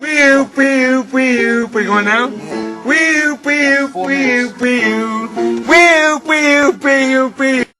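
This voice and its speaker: A woman's voice: sits high, very slow, over music. A woman voice student singing repeated exercise syllables during a lesson.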